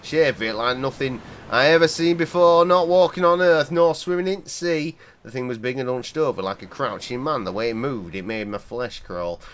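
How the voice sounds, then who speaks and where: A man voicing a weathered, superstitious old fisherman, reading game dialogue aloud in a gruff, folksy manner. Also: mid-range voice, normal speed, hardly any pauses, voice pushed up, lightly acted. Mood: grim.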